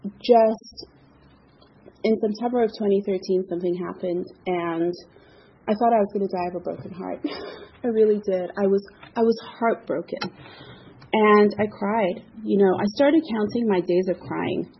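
A woman's voice: mid-range voice, normal speed. Middle-aged woman, recovery meeting share. Candid, self-mocking testimony; dull recording with light hiss. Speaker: speaker sharing at a recovery meeting. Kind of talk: personal testimony.

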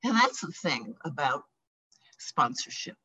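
Older woman with a breathy, lively voice. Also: low voice, low-quality recording. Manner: emotional, halting, laughing and sighing between thoughts. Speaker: speaker sharing at a recovery meeting. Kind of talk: personal testimony.

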